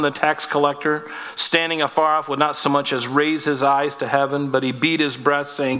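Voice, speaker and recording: A man's voice: on the high side, little pitch movement, normal speed, hardly any pauses, pushed and bright. A man preaching a sermon with emphasis, asking rhetorical questions and adding wry asides. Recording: long hall reverb.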